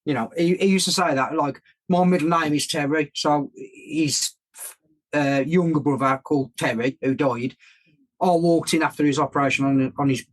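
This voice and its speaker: Brief: British man, podcast guest, earnest chatty delivery, fairly high voice. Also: fairly even intonation, moderate pace. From Britain. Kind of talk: casual chat.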